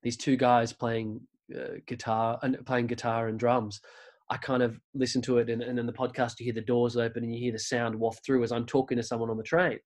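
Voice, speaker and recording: A man's voice: mid-range voice, flat delivery, a little fast, darkish tone. A man from Australia with an Australian accent, a guest telling rambling stories in a casual interview chat. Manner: rambling storyteller, many restarts. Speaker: podcast creator, guest.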